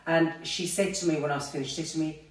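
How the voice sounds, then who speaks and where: A man who runs a hair salon talks casually, filling his sentences with easy "you know"s. His voice sits a little high. He sounds distant and echoey, as if the mic were across the room. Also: steady tone, quick pace. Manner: conversational, many "you know" fillers. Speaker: hairdresser, salon owner hosting. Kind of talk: casual chat.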